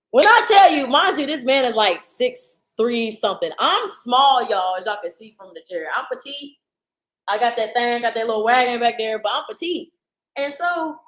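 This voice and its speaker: Brief: woman streamer, casual slangy storyteller, animated and loud at times, built-in computer mic. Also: fairly high pitch, rough recording. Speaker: livestream host. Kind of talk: casual storytelling to a live audience. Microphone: computer's internal mic.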